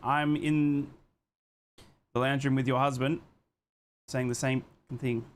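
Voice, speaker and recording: A young man commentates a football match play by play on a live watchalong stream, reading chat messages as he goes. Though excitable and freely profane, he talks at a slow pace in a mid-range voice, and a little hiss or hum sits under the audio.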